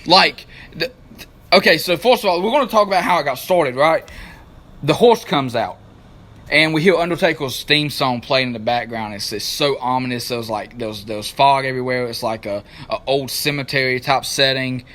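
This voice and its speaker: A man, co-hosting a wrestling talk show, who recaps matches in an excited, rambling casual way and stops to search for names. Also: mid-range voice, brisk.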